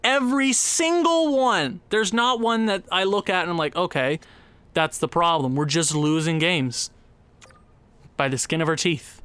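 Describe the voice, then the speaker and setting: A man's voice: moderate pace, bright, forceful tone, clear, resonant tone, no echo. Exasperated young man narrating gameplay. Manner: exasperated, sighing, jumps high in pitch when frustrated. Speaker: gaming YouTuber. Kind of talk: casual gameplay commentary.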